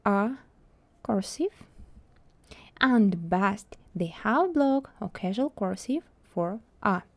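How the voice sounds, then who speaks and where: Slow, dry-voiced woman language teacher. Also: medium pitch, gravelly, darkish tone, dry recording. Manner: slow, careful, playful demonstrations. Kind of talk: scripted video lesson.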